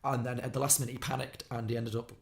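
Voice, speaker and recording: A man on a podcast, retelling a film plot quickly and acting out the characters' lines. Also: mid-range voice, level tone, gravelly. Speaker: podcast co-host. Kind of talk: casual film podcast recap.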